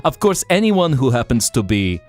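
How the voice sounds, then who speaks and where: A man hosting a live stream, chatting casually in an animated, rambling, jokey way. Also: mid-range voice, normal speed, soft background music.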